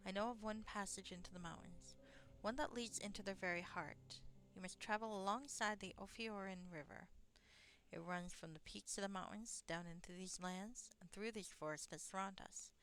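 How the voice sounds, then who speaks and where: A woman's voice: mid-range voice, moderate pace, fairly bright tone, natural voice. A woman voicing a wise male wizard who advises the hero in formal, solemn phrasing. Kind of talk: reading game dialogue aloud.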